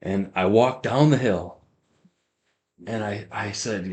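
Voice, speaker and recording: A man's voice: fairly low pitch, slow, a little mellow. A young man telling a personal faith testimony on a podcast, rambling, with many restarts and fillers. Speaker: guest giving a testimony.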